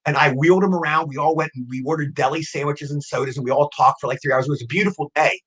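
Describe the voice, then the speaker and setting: Fast-talking husky older man. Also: a little high, rough recording. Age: 60s. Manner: rapid, excitable anecdotes with repeated words. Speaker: actor guest. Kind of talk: casual interview storytelling.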